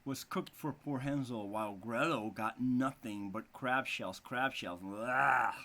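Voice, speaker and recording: A man teaching English who reads a fairy tale aloud and breaks off often to explain words in an animated way. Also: mid-range voice, unhurried. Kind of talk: reading a story aloud and explaining vocabulary.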